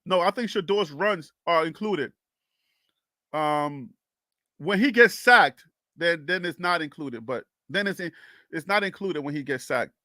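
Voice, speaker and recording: Young guy from liberia hosting a sports show, high bright voice, keeps laughing and pushing back. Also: unhurried, dry recording, clean studio sound. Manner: animated, argumentative, laughs often. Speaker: sports talk show host. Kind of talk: casual livestream sports talk.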